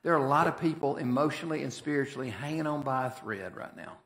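A man's voice: medium pitch, fast talker, a bit bright. A man preaching a sermon as pastor, in a folksy, conversational and emphatic way. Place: church sanctuary. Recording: echoey church hall.

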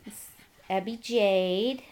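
A woman's voice: medium pitch, takes it slowly, darkish tone. A woman filming her dogs' birthday party at home, cooing baby talk to them and laughing often. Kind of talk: home video chat, baby talk to dogs. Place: home, indoors. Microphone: handheld camcorder.

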